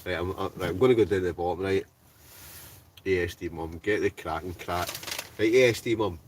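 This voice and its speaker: A chatty Scottish man with an Ayrshire accent hosts a live-stream quiz from inside a tent, joking, laughing often and talking straight to his viewers. His voice is low and a little fast, picked up from a distance with some hiss or hum.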